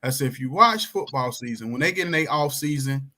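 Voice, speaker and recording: Animated man telling stories. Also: a little fast. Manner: animated storyteller, acts out quoted voices, swings pitch widely. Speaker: coach and podcast guest. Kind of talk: casual chat.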